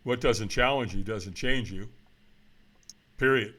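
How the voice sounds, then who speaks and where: A man's voice: lowish voice, takes it slowly, bright, forceful tone. A man in his seventies, a guest on an interview, talking in an emphatic, blunt, motivational way. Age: 70s. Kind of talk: casual interview talk.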